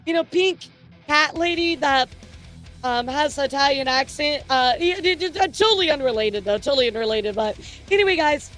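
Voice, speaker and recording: A woman hosts a casual streamer news show, chatting straight to her audience. Her voice sits high, and she rambles, jokes and trips over her words with plenty of fillers. Faint music plays underneath. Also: lively intonation, normal speed, a bit bright. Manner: rambling, jokey, lots of fillers and restarts. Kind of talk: casual news commentary to chat.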